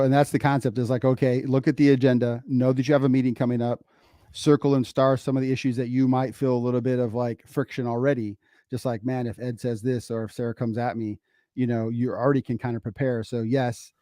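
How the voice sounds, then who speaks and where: A middle-aged man co-hosting a casual podcast, telling family stories in an animated way and repeating phrases for emphasis. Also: medium pitch, fairly quick, dry recording, studio quality. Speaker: podcast co-host, father.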